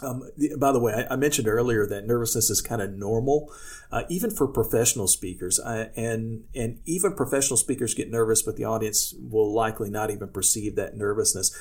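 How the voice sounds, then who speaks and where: A husky-voiced man who coaches public speaking talks casually for his podcast. He tells stories from his own career in a loose, rambling way, often restarting his sentences and acting out what people said. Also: lowish voice, fairly quick, a little mellow. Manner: tells personal anecdotes, acting out quoted speech.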